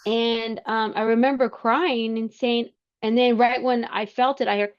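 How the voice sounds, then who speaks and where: A woman telling her personal story as a podcast guest, halting, with many fillers and restarts. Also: on the high side, steady tone, muffled recording.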